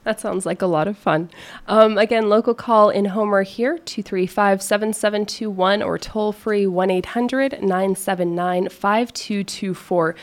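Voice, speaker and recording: A woman hosts a local call-in radio program, with a mid-range voice. She reads out phone numbers at a slow, careful pace and talks easily with her guest. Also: mid-range voice, fairly even intonation. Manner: friendly, giving out phone numbers slowly. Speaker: radio talk show host.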